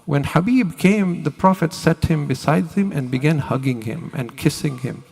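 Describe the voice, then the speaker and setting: A man preacher giving a mourning sermon, telling the story with rising emotion and chanting invocations in a slow melody. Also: fairly high pitch, gravelly, a little mellow, breathy edge, long reverb tail. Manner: voice rises and swells with emotion when retelling the tragedy. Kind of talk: majlis sermon with chanted recitation.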